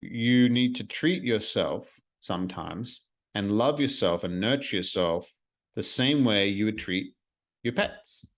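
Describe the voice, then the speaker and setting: A man's voice: fairly low pitch, expressive, takes it slowly, a bit bright. A man hosting a solo podcast, talking earnestly and reflectively in a casual way, with the odd swear word. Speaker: podcast host.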